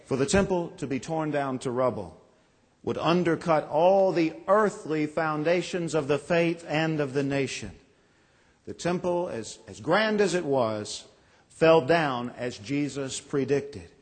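Man in his forties, pastor, folksy sermon storytelling, slightly husky, long church reverb. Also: a little high, lively intonation, a little slow. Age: 40s. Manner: folksy, self-deprecating storytelling. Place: large church sanctuary.

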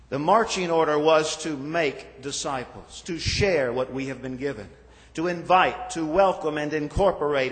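A male pastor delivers a sermon in a measured, deliberate cadence, drawing out lists of words and letting his lines fall away. His voice sits a touch high for a man. Long reverb from the sanctuary trails each phrase. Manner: measured preaching with slow emphatic lists and falling endings. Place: church sanctuary.

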